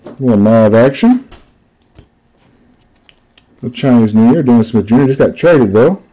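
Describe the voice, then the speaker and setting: A man's voice: mid-range voice, animated, normal speed, dark tone, lo-fi sound. A man hosting a live card break, chatting casually, telling stories and reading out the cards he pulls. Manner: chatty storyteller, laughs easily, reads out cards.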